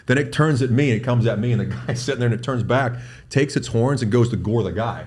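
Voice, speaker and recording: A middle-aged man telling a hunting story in casual conversation, fast and profane, stumbling over repeated words when he gets excited. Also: mid-range voice. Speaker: guest doctor.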